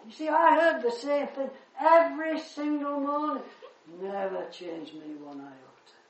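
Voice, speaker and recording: Older male preacher, lively anecdotal sermon delivery, recorded in a reverberant church room. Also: very high voice, background noise. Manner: animated storytelling, swells loud on key words.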